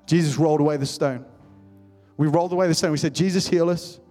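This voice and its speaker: A young man preaching with fervor, his somewhat high voice ringing through a church hall with a long reverb. Soft music plays underneath as he repeats his calls to the congregation. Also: steady tone, quick pace. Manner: impassioned, repetitive calls to the congregation. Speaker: pastor. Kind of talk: sermon.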